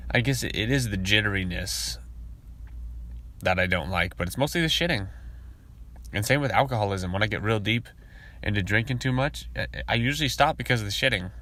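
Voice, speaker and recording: A man hosting a podcast, talking in a casual, rambling monologue full of profanity, and sometimes mimicking coworkers in high voices. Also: a little fast, bright, forceful tone. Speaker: podcast host.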